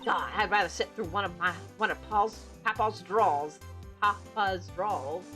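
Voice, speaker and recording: A woman voicing a loud, brash country woman in a put-on American Southern drawl, scolding and drawling, with music underneath. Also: mid-range voice, unhurried, close to an everyday voice. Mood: defiant.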